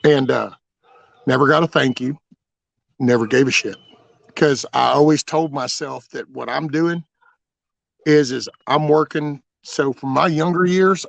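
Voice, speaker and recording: A man's voice: mid-range voice, a bit bright, no room sound. A middle-aged man telling stories from his own life in a blunt, rambling, profane way, full of restarts. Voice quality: gravelly, raspy voice. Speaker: channel host telling his life story. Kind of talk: casual storytelling.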